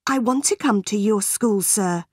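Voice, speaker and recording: A woman's voice: mid-range voice, a little slow, dry recording, clean studio sound, natural voice. A woman voicing a defiant, unhappy ten-year-old orphan girl in a storybook reading, earnest and stubborn.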